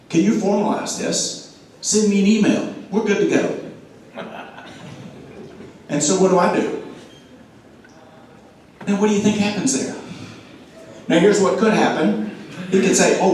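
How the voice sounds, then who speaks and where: A man giving an animated sales talk to an audience, throwing questions at the room and acting out quotes. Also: a little high, a little hiss or hum. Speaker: speaker at a club meeting. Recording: echoey room, mic from a distance.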